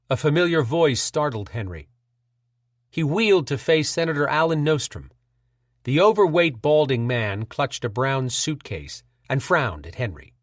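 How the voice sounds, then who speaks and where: A man narrating an audiobook in a measured, steady storytelling voice. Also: mid-range voice, dry recording, studio quality.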